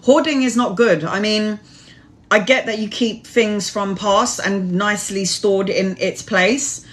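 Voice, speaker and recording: A woman reads tarot on a live stream, answering chat questions in a rambling, earnest, advice-giving way. Her mid-range voice is fairly even and a little slow, captured through a phone or webcam.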